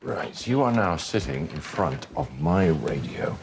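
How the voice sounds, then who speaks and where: An actor playing a reclusive older man who secretly broadcasts on the radio, with a gravelly voice, in a drama scene. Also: sits low, animated, a little slow, noisy background. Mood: gentle. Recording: drama with music behind.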